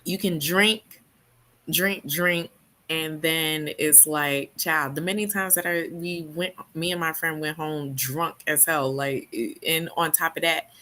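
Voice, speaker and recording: A young woman from New York telling a story in casual chat, animated, often laughing and loudly acting out what people said. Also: low-pitched, slow pace. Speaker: book club host.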